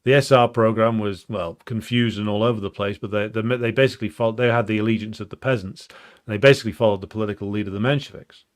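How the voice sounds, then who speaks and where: With a fairly low, steady voice, a political commentator speaks quickly in an unscripted explanation of political history. He frequently restarts and uses ums as he thinks aloud, bluntly and emphatically.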